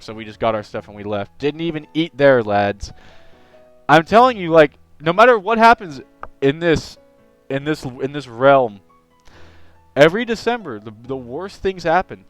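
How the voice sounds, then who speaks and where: Young man, live-stream chat, animated rambling storyteller, clear resonant voice, soft background music. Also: on the high side, moderate pace, no echo, poor audio. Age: young adult.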